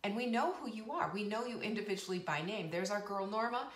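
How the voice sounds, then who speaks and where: A woman's voice: medium pitch, fast talker. A woman in her fifties hosting a live show, chatting in a bubbly, rambling way with frequent laughs and emphatic repeats. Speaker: host of a live cooking and wellness show. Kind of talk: casual live-stream chat. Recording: roomy echo.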